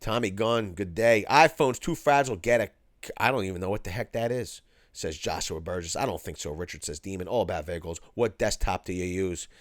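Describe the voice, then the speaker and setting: A man from Philadelphia, USA, with a low-pitched voice hosts a livestream, briskly reading out viewer chat on a dry, clean studio recording. He's laid-back and slangy, dropping "cuz" and "yo."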